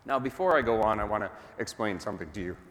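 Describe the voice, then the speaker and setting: A man's voice: fairly low pitch, expressive, fast talker, fairly bright tone, big-room sound. A man preaching a sermon as pastor, telling the story in a conversational way and putting questions to the congregation.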